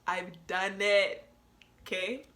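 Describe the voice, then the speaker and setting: A woman's voice: medium pitch, steady tone, slow, fairly bright tone. A young woman hosting a solo podcast, talking candidly and emotionally, laughing often and lecturing her listeners. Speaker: podcast host.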